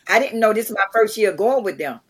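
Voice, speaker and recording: A middle-aged woman, an interview guest telling stories in a lively way, acting out the lines of people she quotes. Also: mid-range voice, fast talker, breathy edge. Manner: animated, acts out quotes, many restarts. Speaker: guest, charity founder. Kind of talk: conversational storytelling.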